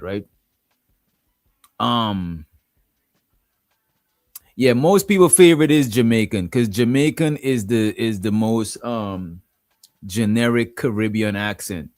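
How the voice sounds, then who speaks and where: A man's voice: fairly low pitch, darkish tone, no room sound, studio quality. A man from Guyana with a Guyanese accent, hosting a casual livestream and rambling, often asking "you know what I'm saying". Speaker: livestream host.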